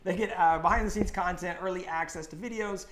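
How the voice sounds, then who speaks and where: A man in his thirties co-hosting a casual live stream, upbeat and loud, cheerfully greeting viewers by name. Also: high voice, fairly quick, a little hiss or hum. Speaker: co-host of a woodworking live stream.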